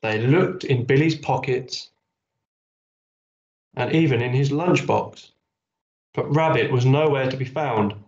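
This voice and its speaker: A man leading a school assembly and reading a children's story aloud in an expressive storytelling manner. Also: mid-range voice, a little slow, gravelly, pauses often. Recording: echoey, dull school hall recording.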